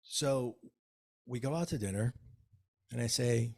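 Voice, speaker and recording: A man, an author guest, telling a personal story in an interview with lively, acted-out dialogue. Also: mid-range voice, a little slow. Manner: animated storyteller, acts out dialogue.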